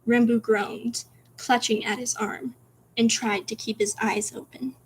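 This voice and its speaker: A woman streamer reading her own spooky story aloud, soft and whispery, with giggly asides to chat. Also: fairly high pitch, level tone, a little slow, breathy edge.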